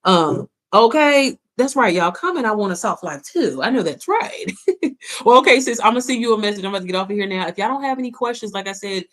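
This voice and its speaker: A woman's voice: on the high side, animated, quick pace, a bit bright. A woman chatting casually on a livestream to her followers, playful and sassy, swearing freely and calling them sis and baby. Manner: calls listeners sis and baby. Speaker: online business coach.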